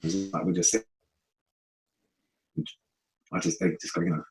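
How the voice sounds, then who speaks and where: A man with a London accent, a guest telling stories in a casual interview, animated and rambling, acting out the people he quotes. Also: low-pitched, low-quality recording. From North West London. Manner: animated, acts out quoted voices, fast rambling. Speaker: guest musician.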